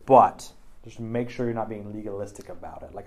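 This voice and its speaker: A man's voice: on the low side, steady tone, fairly quick. A man leading a casual Bible study discussion, talking loosely with lots of "like" and "right?" tags. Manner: chatty, many "like" and "right?" tags.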